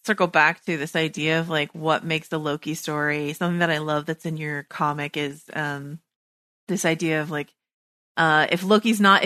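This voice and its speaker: Low-pitched female host with a dry sound, eager and chatty. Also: bright, forceful tone, dry recording. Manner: eager, chatty, many fillers. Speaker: podcast host. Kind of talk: casual podcast interview.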